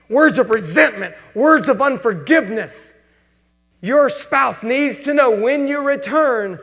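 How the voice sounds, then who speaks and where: Pastor, high gravelly voice, preaching in a reverberant hall. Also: male voice, a bit bright. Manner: preaching with quoted prayers and scripture, informal asides. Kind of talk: sermon.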